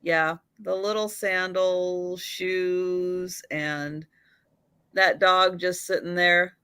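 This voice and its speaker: A woman's voice: lowish voice, fairly even intonation, drawn-out words, pushed and bright, smooth, dry recording. A woman hosting a live sale stream, chatting casually with brief agreements and laughing along. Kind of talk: casual chat.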